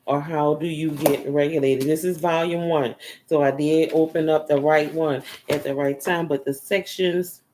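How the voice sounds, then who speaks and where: A woman with a low, warm voice gives a casual spiritual energy reading at normal speed and fairly even intonation, over a little hiss or hum. She talks in a loose, rambling, repetitive way, drifting into murmurs while searching a book.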